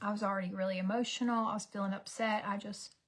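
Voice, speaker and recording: A woman, telling a story as a casual get-ready-with-me vlog, dramatic and animated, sometimes dropping to a whisper. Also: mid-range voice, quick pace. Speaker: beauty vlogger.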